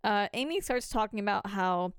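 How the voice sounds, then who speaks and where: A woman co-hosts a podcast, recapping a TV episode in a relaxed, chatty way with casual asides. Her voice has a middling pitch for a woman. She is recorded close on a dry mic, with no room sound. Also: moderate pace, clean tone, no room sound. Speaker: podcast co-host.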